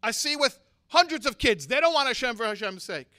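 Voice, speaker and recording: A man teaching and preaching to a community audience, moving from hushed storytelling to forceful, impassioned exhortation. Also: extremely high pitch, sing-song, a little fast, dry recording, clean studio sound. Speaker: Torah teacher and speaker.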